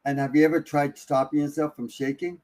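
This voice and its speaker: A man telling a story in a relaxed, conversational way, with many restarts and hushed, excited moments. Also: on the high side, fairly quick. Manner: animated, breathless retelling with many restarts. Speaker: guest. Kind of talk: casual storytelling.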